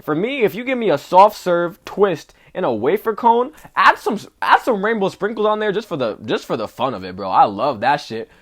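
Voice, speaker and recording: A young man vlogging, telling a story in a casual, animated way with lots of slang. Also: high voice, moderate pace, few pauses. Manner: animated, slangy, says "bro" often. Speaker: travel vlogger.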